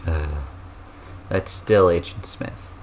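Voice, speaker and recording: A young man casually voicing a game's hero, gruff and deadpan. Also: deep voice, slow, slight background noise. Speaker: gamer voicing the main character. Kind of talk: casual dub of game dialogue.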